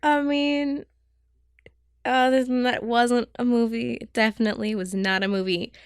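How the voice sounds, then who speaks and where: A woman co-hosting a podcast in casual chat, animated and teasing, full of fillers. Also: on the high side, moderate pace, smooth, no room sound, clean studio sound. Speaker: podcast co-host.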